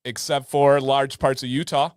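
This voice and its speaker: A man's voice: medium pitch, flat delivery, moderate pace, clean tone, no room sound, studio quality. A man hosting a livestream, chatting casually and joking as he reacts to viewer comments. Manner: laid-back, joking, repeats phrases as he reacts. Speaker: livestream host.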